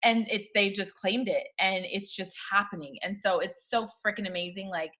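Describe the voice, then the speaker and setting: A woman's voice: mid-range voice, steady tone, normal speed, pushed and bright. A woman co-hosting a casual motivational chat who cheers her guest on and laughs often.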